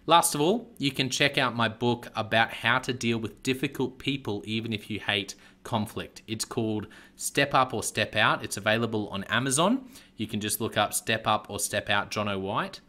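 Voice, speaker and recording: Man, Australian accent, podcast host, bright forceful voice, lowish pitch. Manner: chatty, laughs often, quick asides. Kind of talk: casual podcast interview.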